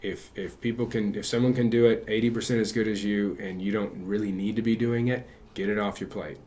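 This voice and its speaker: Rambling low-voiced man on a podcast. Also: little pitch movement, brisk, darkish tone. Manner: rambling, many restarts and fillers. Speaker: guest physical therapist. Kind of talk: casual podcast interview. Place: in person with hosts.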